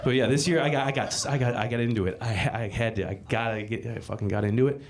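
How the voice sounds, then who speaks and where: His delivery is fast, his voice mid-range, as he rambles through a crude stand-up routine at a club, swearing and restarting often. Audience laughter fills the live club recording.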